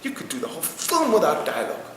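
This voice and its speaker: Fast and high-voiced, the man's pitch swoops wildly over background noise as he answers an interviewer with passion. Repeated phrases and heavy emphasis drive his argument, captured in a roomy hall with long reverb and faint music.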